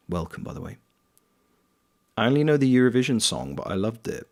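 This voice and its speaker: A man's voice: mid-range voice, sing-song, fairly quick, pauses often, darkish tone. A man from Wales chatting casually on a live stream while gaming, rambling and reading chat aloud. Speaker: streamer and voice actor.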